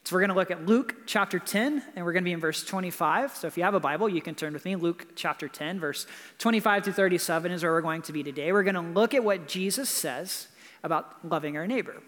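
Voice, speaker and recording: A man's voice: high voice, fast talker, fairly bright tone, long reverb tail. A man preaching a sermon as pastor in a church, in a conversational way with frequent "right?" asides. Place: church building.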